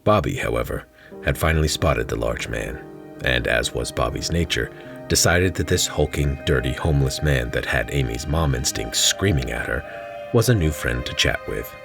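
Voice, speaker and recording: Very deep, gravelly male storyteller. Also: lively intonation, moderate pace, music in the background. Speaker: storyteller reading his own story. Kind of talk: storybook narration.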